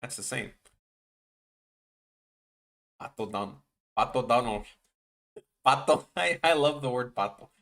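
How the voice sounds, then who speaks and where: A man's voice: mid-range voice, lively intonation, moderate pace, vocal fry, fairly bright tone. A man chatting casually with viewers on his animation live stream, rambling and joking, often trailing off mid-sentence.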